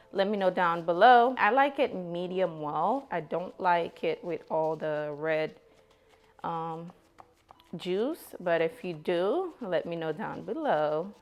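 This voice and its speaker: A woman's voice: on the low side, takes it slowly, highs cut off. A woman hosting her own cooking channel, chatting to viewers as she walks through a recipe step by step. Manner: chatty, talks straight to viewers as "you guys". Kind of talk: casual cooking tutorial.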